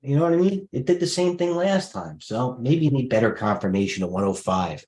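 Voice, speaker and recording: A man's voice: medium pitch, lively intonation, a little fast, darkish tone. Middle-aged male trading host, brash and blunt, rattles off tickers live to viewers. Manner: blunt, jumpy, talks to viewers directly. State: out of breath. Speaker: stock trading livestream host. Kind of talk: rapid-fire live market commentary.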